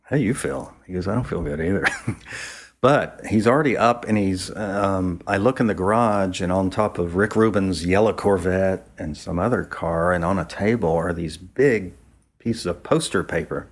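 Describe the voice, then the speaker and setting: A man from the American South tells a long, loose story in a deep, low voice. He is a photographer talking as a guest, and he slips into the voices of the people he quotes. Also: moderate pace. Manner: rambling storyteller who acts out quoted speech. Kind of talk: casual anecdote telling.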